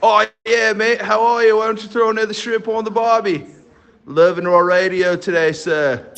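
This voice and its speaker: A man leaving a playful voicemail and putting on loud, over-the-top joke accents. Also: sits high, steady tone, normal speed, vocal fry, voice pushed up. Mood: hammy.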